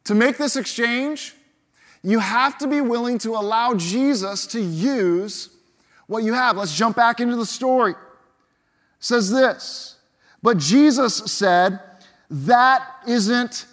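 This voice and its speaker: A pastor preaching a sermon in a man's voice that sits high for a man. He moves from loud, animated lines down to hushed, slow emphasis, and often repeats a word as he starts a sentence. Now and then he briefly acts out the people in the story he is telling. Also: long reverb tail. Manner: dramatic swings from loud to hushed, acting out quoted voices.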